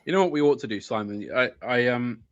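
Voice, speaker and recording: A man talking on a video-call stream in a casual chat, excitable, with many hesitant restarts. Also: mid-range voice, fast talker, no room sound, muffled recording. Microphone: desk mic on a video call.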